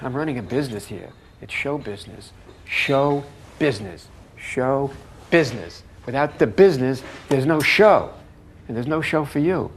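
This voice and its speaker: An actor playing a blunt nightclub owner who talks impatiently and repeats words for emphasis. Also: male voice, mid-range voice, animated, normal speed, lightly acted. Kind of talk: film drama dialogue.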